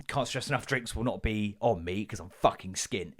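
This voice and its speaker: A man's voice: fairly low pitch, normal speed. A man, telling stories in a sweary solo comedy podcast rant and acting out the people he quotes. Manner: sweary, animated storytelling with acted quotes. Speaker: podcast host.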